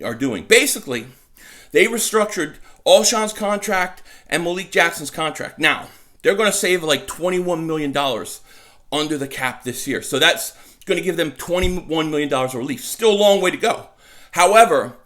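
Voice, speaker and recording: A man talking casually about his football team from home, excitable and stumbling over his words as he repeats himself. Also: high-pitched. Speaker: sports vlogger. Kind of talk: casual fan commentary. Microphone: desk mic.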